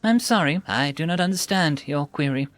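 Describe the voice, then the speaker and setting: A man's voice: a little high, expressive, moderate pace, a bit bright, no room sound. A man voicing a smug, overly polite food-dispenser machine reading out menu choices and warnings. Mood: formal. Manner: prim, overly polite, scripted customer-service tone.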